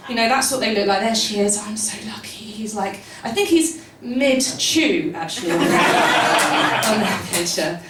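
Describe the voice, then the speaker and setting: A woman's voice: high voice, background noise. A young woman performing a stand-up comedy set, chatty and rambling with many ums and self-deprecating asides. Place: live comedy venue with an audience. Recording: roomy live venue from far off.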